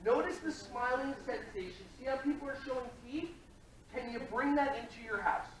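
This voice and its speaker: A man giving an energetic, jokey workshop talk to a live audience and addressing the room directly. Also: very high-pitched, moderate pace. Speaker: early childhood workshop presenter. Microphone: distant from the microphone. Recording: very echoey room audio from far off, faint noise.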